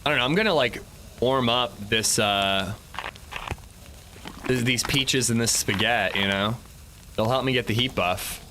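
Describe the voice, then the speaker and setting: Bright-voiced young man chatting on stream. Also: medium pitch, measured pace, pauses often, a little hiss or hum. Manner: chatty and rambling, frequent restarts and fillers. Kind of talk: casual gameplay livestream chat.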